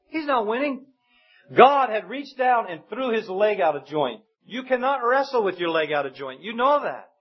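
A man's voice: high-pitched, lively intonation, moderate pace, breathy edge. A man preaching a sermon in a conversational way, acting out the voices in the stories he retells. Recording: dull lo-fi sound.

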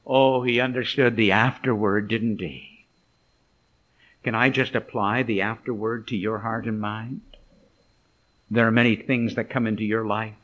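A middle-aged man preaching a sermon, telling a scripture story dramatically, dropping to soft murmurs and rising to emphatic lines. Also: fairly low pitch, steady tone, a little slow.

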